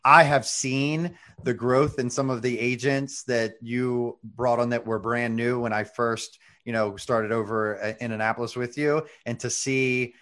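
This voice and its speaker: A man's voice: mid-range voice, fairly even intonation, measured pace, hardly any pauses. A man hosting an interview, wrapping up with effusive, appreciative thanks to his guest. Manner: warmly appreciative, wordy thanks. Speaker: podcast host. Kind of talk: interview wrap-up.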